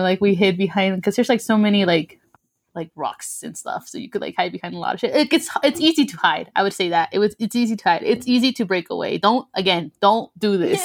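Young woman telling a story. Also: medium pitch. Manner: mixes English and Spanish, swears freely, laughs often. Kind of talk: casual chat.

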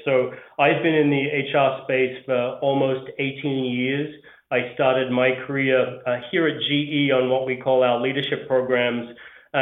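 A man with an Australian accent, a guest answering interview questions in a measured way with frequent pauses. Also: mid-range voice. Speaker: guest, HR leader. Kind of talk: podcast interview. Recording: echoey phone-like line.

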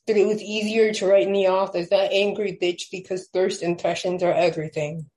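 A young woman, a podcast guest, chatting casually and then reading her own poem aloud with slow, measured stresses. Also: fairly low pitch, dark tone, poor audio. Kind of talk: casual chat and poetry reading.

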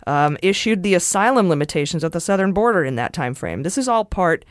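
A woman's voice: lowish voice, animated, brisk, dry recording, clean studio sound. A woman co-hosting a political podcast, talking casually in a blunt, profane, sarcastic way. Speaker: podcast co-host.

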